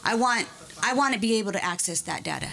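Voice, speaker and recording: A woman's voice: mid-range voice, lively intonation, fast, creaky, sharp tone. A woman giving impassioned, emphatic public testimony at a board meeting, speaking into a podium microphone. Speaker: public commenter.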